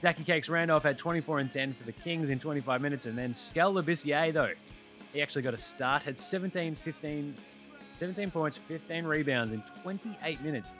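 A man's voice: fairly high pitch, fairly quick, fairly bright tone, soft background music. An Australian man hosting a casual basketball recap, blunt, joking and full of swearing. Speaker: basketball podcast host.

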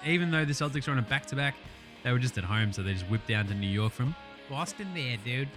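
Quick and expressive, with a medium, slightly bright voice and faint music behind him, a young Aussie guy rattles through basketball stats on his laid-back sports podcast. Expect swearing, gags, eager energy and a steady stream of fillers.

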